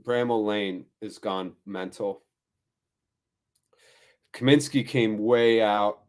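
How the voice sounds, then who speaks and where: A man hosts a live football watchalong, calling the action with wry, self-deprecating asides. His voice sits on the low side. He speaks slowly and leaves long pauses between phrases. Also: fairly even intonation. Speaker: watchalong host.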